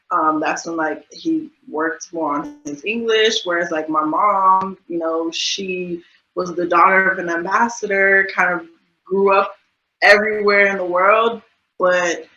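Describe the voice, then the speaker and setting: Woman in her thirties, low bright voice, chatty with fillers, roomy dull recording. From USA. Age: 30s. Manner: chatty, many fillers and laughs. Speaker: guest. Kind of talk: casual interview. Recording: dull lo-fi sound, roomy echo.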